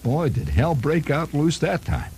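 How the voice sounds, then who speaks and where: A man hosting a radio show, telling a long story in a chatty, animated way with chuckling asides. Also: on the high side, measured pace, a little hiss or hum. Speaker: radio host. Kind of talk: spontaneous storytelling monologue. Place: radio studio.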